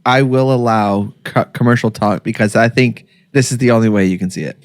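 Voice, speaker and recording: A man joins a loose podcast conversation, cracking jokes and laughing at his own lines. His voice sits in an ordinary middle pitch. It is recorded close and dry, with no room around it. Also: a little fast, no room sound. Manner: joking, laughs often. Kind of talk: casual chat.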